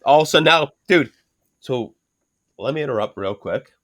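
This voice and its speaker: A man's voice: mid-range voice, animated, moderate pace, a bit bright. A middle-aged man hosting a casual podcast, rambling animatedly and swearing constantly. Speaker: podcast host. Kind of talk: casual profane podcast banter.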